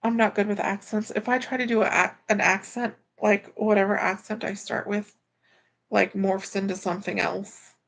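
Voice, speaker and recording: A woman's voice: medium pitch, steady tone, normal speed, vocal fry. A woman livestreaming casually, chatting about her delivery driving work and reading viewer comments aloud as she goes. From Florida.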